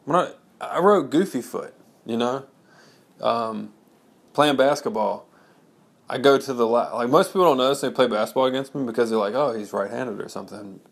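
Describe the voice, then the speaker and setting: A man's voice: mid-range voice, moderate pace, vocal fry. A man in his thirties talking casually to his audience, rambling with many fillers and restarts. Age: 30s. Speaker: blogger. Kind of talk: casual personal monologue.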